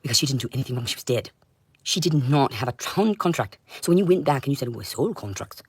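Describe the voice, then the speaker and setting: A woman delivering a rambling livestream monologue in an intense, confrontational way, swinging between loud outbursts and low muttering. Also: expressive, fast, breathy edge, dry recording.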